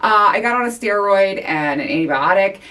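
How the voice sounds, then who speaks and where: A middle-aged woman hosting her own podcast, talking candidly and excitably, a little out of breath, with sighs and laughs. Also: medium pitch, a little fast, far from the mic. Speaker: podcast host. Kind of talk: casual chat.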